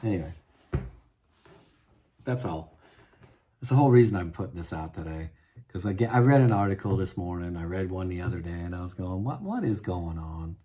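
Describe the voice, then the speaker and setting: A man's voice: sits low, a little fast, pauses often, dark tone. A man venting in a rambling, frustrated monologue, full of restarts and asides. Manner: frustrated, rambling, many restarts and "you know". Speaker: guitar vlogger.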